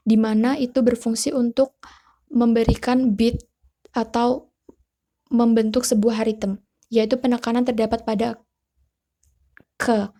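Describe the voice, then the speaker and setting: A woman's voice: a little high, mellow. A young woman with an Indonesian accent giving a class presentation, reading steadily with hesitant fillers. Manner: reads steadily, switches between English and Indonesian, hesitant fillers. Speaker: student presenter.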